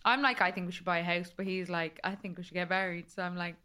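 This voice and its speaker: A woman's voice: fairly low pitch, fast, clear, resonant tone. A young Irish woman, a podcast guest, telling stories in casual chat and acting out what people said. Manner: animated storyteller acting out quotes.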